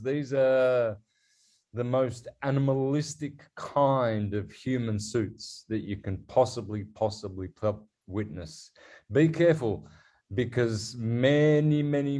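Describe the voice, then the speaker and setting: Guest man, mellow and dark-toned, preachy and dramatic, slow emphasis. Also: mid-range voice. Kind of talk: podcast interview chat.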